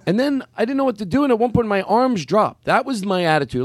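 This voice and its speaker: A man, a comedian and podcast host, telling a story in casual chat, animated, swearing and acting out his own lines. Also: fairly high pitch, quick pace, few pauses, dry recording.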